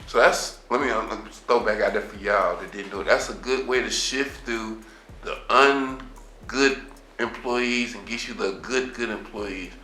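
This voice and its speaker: Man, interview host, conversational, bright tone, echoey room, faint background hum. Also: lowish voice, unhurried. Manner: loose, conversational, restarts and slang. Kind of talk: casual interview talk.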